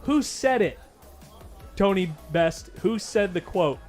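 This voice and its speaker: Excitable man calling pool, slightly high voice. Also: slow pace, soft background music. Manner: laughing, excitable banter. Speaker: pool stream commentator. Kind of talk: casual live commentary.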